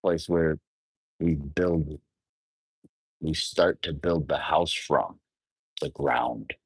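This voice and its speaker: A man's voice: a bass voice, drawn-out words, vocal fry, slightly rough, dry recording. A man talking on his own without a script, musing aloud, often rephrasing and trailing off mid-thought, and asking the listener reflective questions. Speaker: astrologer. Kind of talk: unscripted solo monologue.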